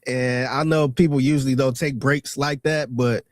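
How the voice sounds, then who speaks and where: A man's voice: medium pitch, fairly even intonation, moderate pace, no echo, clean studio sound. A congested man co-hosting a casual sports podcast, easygoing, who often says "man" and stumbles on his words. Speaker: podcast co-host.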